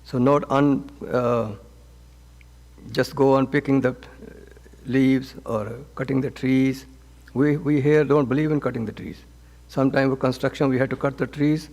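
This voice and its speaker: A man as a swami teaching a scripture class, speaking gently and haltingly with frequent restarts and repeated words. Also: medium pitch. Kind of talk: spoken scripture class with counseling advice. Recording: long reverb of a hall.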